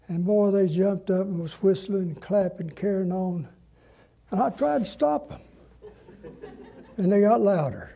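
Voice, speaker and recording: An older man, a pastor telling stories in a sermon in a folksy, drawn-out way. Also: sits high, dark tone, slightly rough. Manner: folksy, drawn-out preaching with dramatic pauses. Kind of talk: sermon storytelling.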